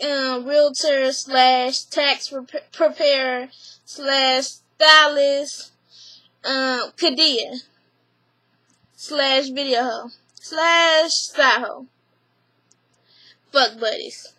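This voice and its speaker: Woman vlogger, high and bright, animated and profane, recapping a TV episode from her room. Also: dry recording. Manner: animated, profane, retells scenes in quoted voices. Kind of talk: casual spoken recap. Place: small home room with a fan running.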